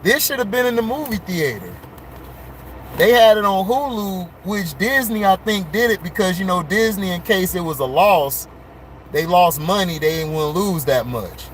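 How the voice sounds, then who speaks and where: A man talks excitedly and repeats himself as he reviews a movie from behind the wheel. His voice sits high and wanders loosely from thought to thought. A faint hum of road noise runs under the car recording. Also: moderate pace. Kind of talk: casual chat while driving. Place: in a car on delivery rounds.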